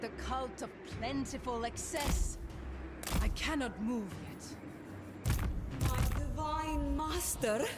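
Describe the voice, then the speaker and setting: A woman voicing a devoted female cult servant in a video game, speaking softly and reverently. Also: sits high, slow, loud music behind the voice. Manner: soft, reverent delivery. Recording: faint distant game audio under loud noise.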